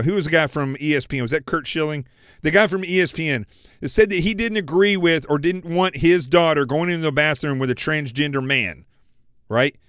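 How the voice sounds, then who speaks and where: A man's voice: fairly high pitch, fairly bright tone, no echo, studio quality. A man hosting a political commentary show, delivering an opinionated monologue and calling his viewers folks. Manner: fired-up, addressing viewers as folks.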